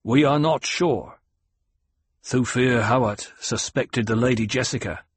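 A man's voice: mid-range voice, measured pace, slightly rough, no echo. A man voicing a weary, angry male soldier who talks bluntly, with a hard edge. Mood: grim.

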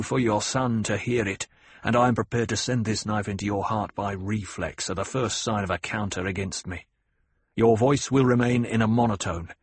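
A man voicing a gruff, vengeful male soldier who snarls threats, with a husky voice. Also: lowish voice, no echo. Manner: snarling, menacing.

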